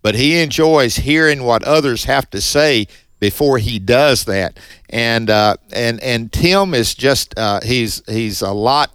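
A man's voice: medium pitch, slow pace, fairly bright tone, clear, resonant tone, no room sound. A man from northeast Mississippi with a strong Southern accent, co-hosting a Christian radio pledge drive in a folksy, chatty and upbeat way. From Northeast Mississippi, USA. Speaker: radio co-host. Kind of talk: Christian radio fundraiser chat. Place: radio studio. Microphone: studio microphone.

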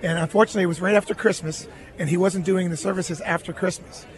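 On a radio interview, a middle-aged former baseball catcher speaks fast in a high voice with fairly even intonation. He recounts a personal story earnestly, voicing other people's words himself.

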